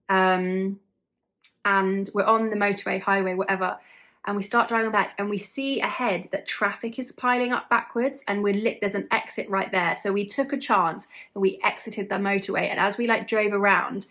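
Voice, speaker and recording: A woman's voice: medium pitch, steady tone, brisk, fairly bright tone. A young woman telling a story casually to her vlog audience, chatty, with lots of fillers and frequent laughs. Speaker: vlogger.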